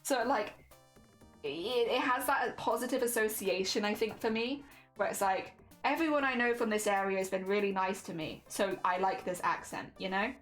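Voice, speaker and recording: A woman's voice: medium pitch, normal speed, soft background music. A young woman chatting casually on a livestream, giggly and reading chat aloud. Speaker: streamer.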